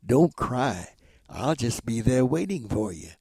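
A man's voice: medium pitch, unhurried, creaky, slightly rough, dry recording. An older man, an entertainer, being interviewed and telling anecdotes, acting out the dialogue of the people in his stories. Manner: animated storyteller who acts out quoted dialogue.

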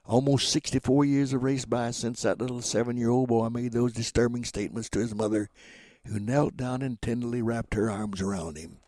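A man in his seventies from Oklahoma, telling stories as an interview guest in an animated, rambling, dramatic way. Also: mid-range voice, brisk, no echo. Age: 70s. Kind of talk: storytelling interview.

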